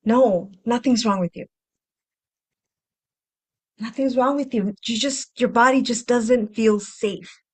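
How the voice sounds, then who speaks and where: A woman hosting a self-help podcast, speaking gently and reflectively, repeating phrases and acting out inner voices with sighs. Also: on the high side, slow pace, pauses often, slightly rough. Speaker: podcast host and healing coach.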